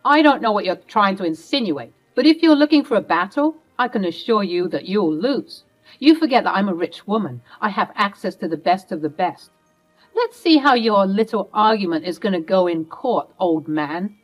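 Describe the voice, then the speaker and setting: A woman's voice: medium pitch, expressive, moderate pace, soft background music, lightly acted, low-quality recording. A woman voicing a snobbish, cruel rich older woman who speaks in a haughty, threatening way. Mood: haughty threat.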